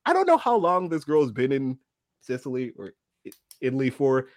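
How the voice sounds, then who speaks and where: A man co-hosting a podcast, retelling a show in animated casual chat with frequent laughs. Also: medium pitch, moderate pace, no room sound. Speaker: podcast co-host. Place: livestream studio.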